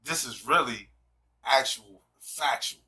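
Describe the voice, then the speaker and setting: A man's voice: medium pitch, slow pace, pushed and bright, far from the mic, rough recording. A man hosting a casual discussion show in an emphatic, preacher-like way, often asking "you see what I'm saying". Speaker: host.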